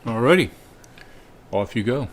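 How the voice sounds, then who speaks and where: A man's voice: medium pitch, lively intonation, measured pace, slight background noise. A man on a show's crew giving brief, dry replies to the host. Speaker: show crew member.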